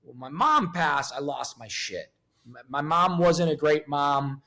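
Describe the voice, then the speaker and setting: Man, 50s, interview guest; profane, emotionally raw, slightly high voice. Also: animated, measured pace, sharp tone. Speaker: podcast guest. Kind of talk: candid interview talk.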